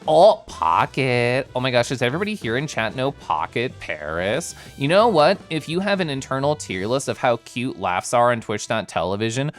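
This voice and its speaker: Man, live streamer, bubbly and giggly, swooping pitch, faint music behind. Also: brisk, hardly any pauses. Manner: animated and giggly, greeting chatters by name. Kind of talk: casual chat reading viewer messages.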